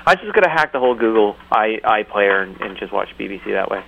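A man co-hosting a casual podcast, laughing and ranting with lively swings in his voice. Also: on the low side, fast talker, creaky, narrow, tinny audio, background noise. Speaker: regular co-host.

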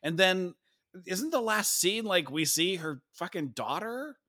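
A middle-aged man co-hosting a podcast in casual chat, frank and profane, with quick asides. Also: high-pitched, sing-song, sharp tone. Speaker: podcast co-host.

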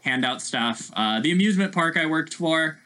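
Podcast guest, thirties male, crisp bright tone, loose rambling delivery. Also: a little high, animated, normal speed, rough recording. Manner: chatty, rambling, lots of fillers. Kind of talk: casual chat.

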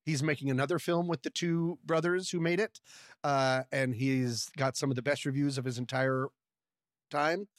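A man co-hosting a casual podcast chat, talkative and quick to laugh. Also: medium pitch, fairly even intonation, no echo, studio quality. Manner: chatty, laughs easily. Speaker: podcast co-host.

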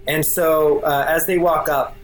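A man's voice: a little high, steady tone, a little slow, slight background noise, poor audio. A man narrating a tabletop role-playing game as game master, casual and rambling with plenty of fillers.

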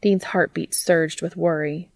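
A woman reading fiction aloud as a narrator, in a steady, even way. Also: fairly low pitch, unhurried, dry recording. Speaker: audiobook reader.

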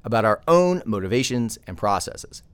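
A man's voice: lowish voice, sing-song, normal speed, smooth, dry recording. A man who is a journalist and podcast host, delivering opinion commentary emphatically, with many rhetorical questions.

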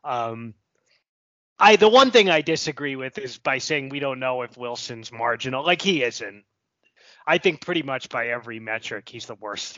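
Bright-voiced joking man hosting a podcast. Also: mid-range voice, no echo. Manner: chatty and joking, laughs often. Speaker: podcast host. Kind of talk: casual sports chat. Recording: slightly muffled lo-fi podcast audio.

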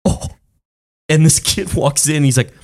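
A man's voice: mid-range voice, a little fast. A man, a touring musician, chatting casually and acting out funny stories. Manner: animated storyteller, acts out quotes. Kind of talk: casual chat.

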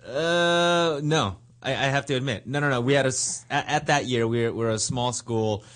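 A man's voice: mid-range voice, moderate pace, a bit bright. Easygoing male actor guest. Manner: easygoing, agreeable, repeats words. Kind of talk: casual interview chat.

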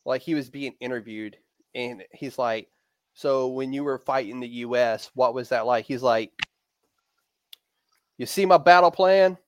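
A man co-hosting a casual fan podcast, talking fast and animated, swearing a lot and acting out quotes from the characters. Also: medium pitch, no room sound. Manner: animated, profane, acts out quotes. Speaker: podcast co-host.

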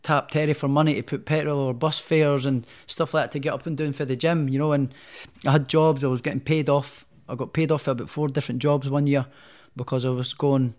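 A young man chats through his boxing career, his stories rambling with a lot of restarts. His voice sits at a middle pitch for a man, loose and unscripted. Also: fairly quick, hardly any pauses. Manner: rambling, animated storyteller with many restarts. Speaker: professional boxer, guest. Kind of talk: casual storytelling interview.

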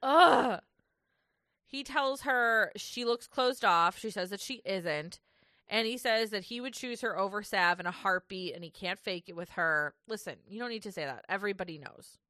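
A woman's voice: mid-range voice, moderate pace, bright, forceful tone, no echo, clean studio sound. A woman co-hosting a casual recap podcast, laughing often and mocking people in quotes. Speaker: podcast co-host.

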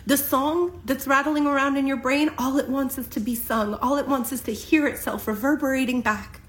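Woman doing a tarot reading for everyone, kinda high voice, intense, drags out the big lines slow. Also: fairly even intonation, echoey room, rough recording. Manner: impassioned, emphatic, with slow deliberate pauses. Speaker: tarot reader. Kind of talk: spiritual reading for a general audience.

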